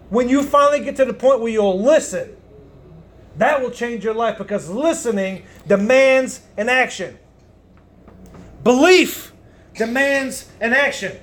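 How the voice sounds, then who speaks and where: A man preaching a sermon in a loud, emphatic way, swinging between booming lines and hushed ones. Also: normal speed.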